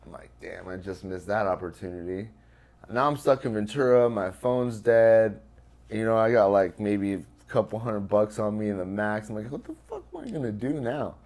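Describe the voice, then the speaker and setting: Low-voiced man telling a rough story. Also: fairly even intonation, moderate pace, a little mellow. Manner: loose and profane, many fillers. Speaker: interview guest. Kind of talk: casual storytelling.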